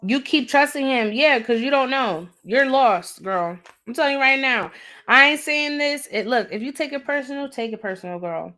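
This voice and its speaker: Woman, tarot reader on a live stream, blunt, scolding, slangy, repeats herself, slightly high voice. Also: lively intonation, normal speed, sharp tone.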